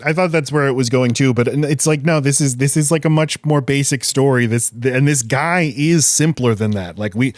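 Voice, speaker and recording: A man co-hosting a podcast, explaining his views in a steady, thoughtful way. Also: mid-range voice, moderate pace, few pauses, no echo, studio quality. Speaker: podcast co-host. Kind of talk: casual chat.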